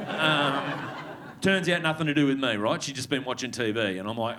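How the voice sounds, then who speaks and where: A man's voice: mid-range voice, moderate pace, fairly bright tone, a little hiss or hum. A man in his thirties with an Australian accent, performing a stand-up comedy set in a chatty, sweary way with lots of tag questions. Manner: conversational, swears freely, frequent tag questions. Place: comedy club stage with live audience.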